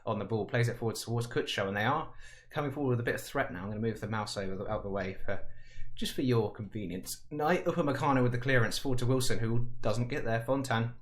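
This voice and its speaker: Over a football video game, a man with a medium pitch talks fast, keeping things chatty and full of jokes. His excitement climbs into shouts whenever someone scores, and his voice cracks.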